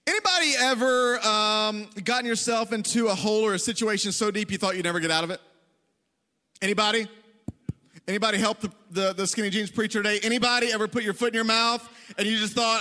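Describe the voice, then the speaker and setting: A man's voice: high voice, expressive, moderate pace, pauses often, bright, forceful tone. A male pastor tells a self-deprecating story in a casual, joking sermon to his congregation. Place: church hall. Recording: long reverb of a large hall.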